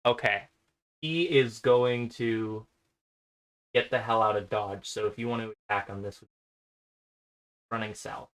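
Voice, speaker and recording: A man's voice: fairly low pitch, measured pace, long pauses. Easygoing man running a tabletop game. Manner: relaxed, thinking aloud about rules. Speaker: game master.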